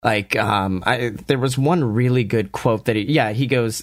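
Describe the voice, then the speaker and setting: A young man casually reviewing a wrestling show, excitable and profane, often acting out what the wrestlers say. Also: medium pitch, measured pace, no echo, clean studio sound. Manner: profane, excitable, acts out quotes.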